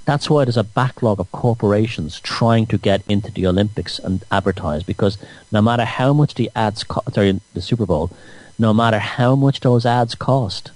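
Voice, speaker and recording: A man's voice: lowish voice, a little mellow, no room sound, rough recording. A man hosting a radio show, rambling through a mocking, satirical monologue.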